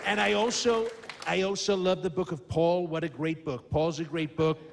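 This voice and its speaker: A man's voice: fairly high pitch, fairly even intonation, normal speed, vocal fry, a crowd in the background. A man impersonating a boastful older male politician who brags in repetitive superlatives. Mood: pompous. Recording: live studio audience noise.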